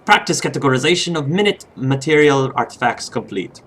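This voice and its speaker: A man's voice: mid-range voice, expressive, brisk, a bit bright, pitched above the performer's own voice. Man putting on a prim, fussy young elf scholar, odd put-on accent, clipped list items. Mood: earnest.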